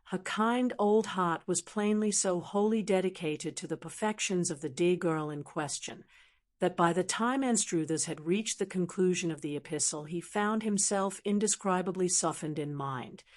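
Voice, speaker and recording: Ai woman voice reading an old novel, lowish pitch, steady. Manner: even, measured synthetic delivery. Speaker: narrator. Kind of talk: scripted narration.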